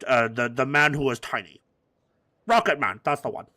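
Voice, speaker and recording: A man giving let's play commentary, rambling through absurd, crude jokes and swinging between mumbled asides and loud outbursts. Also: mid-range voice, normal speed. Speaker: gaming commentator.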